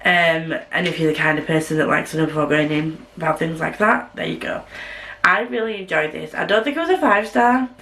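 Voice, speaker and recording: Low, a little quick, and pushed and bright, this woman's voice comes through a rough recording. She's a Yorkshire vlogger from the north of England, rambling casually to camera at home with self-deprecating humor.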